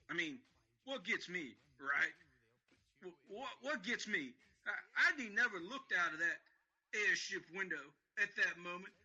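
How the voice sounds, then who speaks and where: A man's voice: high voice, bright, forceful tone, breathy edge, muffled recording, exaggerated voice. A man playing a drunk, weeping aging male vigilante who rambles and stammers in a fan audio drama. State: crying.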